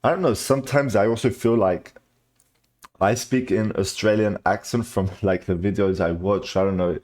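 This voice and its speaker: A man's voice: fairly low pitch, normal speed, a little mellow. Young British man reacting casually. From Britain. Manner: chatty, easily impressed, says "bro" a lot. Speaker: reaction video host.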